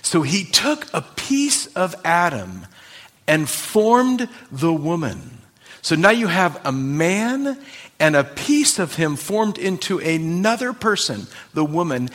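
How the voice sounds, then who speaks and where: Expressive man preaching a sermon. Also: fairly high pitch. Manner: expressive, drawn-out emphasis on key words. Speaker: pastor.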